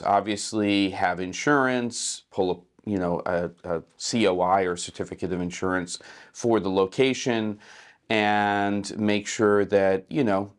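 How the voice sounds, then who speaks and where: Man explaining gear in a smooth low voice. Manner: relaxed, conversational, many fillers. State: morning voice. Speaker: filmmaker host. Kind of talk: casual how-to explanation. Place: small hotel suite.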